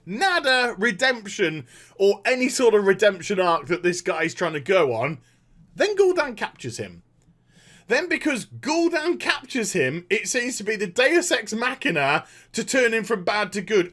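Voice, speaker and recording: A gaming commentator with a very high-pitched, fairly bright voice delivers an animated, sarcastic rant about a game's story. He swears freely and mocks the characters as he gives his opinion.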